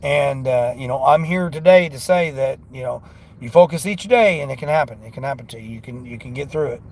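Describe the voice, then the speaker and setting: A man's voice: mid-range voice, a little fast, darkish tone, slight background noise. A man vlogging from his car on delivery runs, talking in an earnest, rambling, motivational way. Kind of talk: casual talk while driving.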